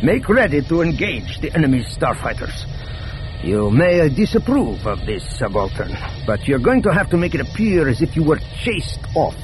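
A man's voice: fairly high pitch, big pitch swings, moderate pace, music in the background, voice pushed up, low-quality recording. Curt scheming alien commander, voiced by a man. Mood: commanding. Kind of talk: audiobook character voice.

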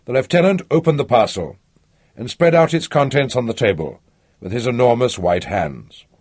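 A man narrating a literary audiobook in a measured, expressive way. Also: mid-range voice, husky, no room sound.

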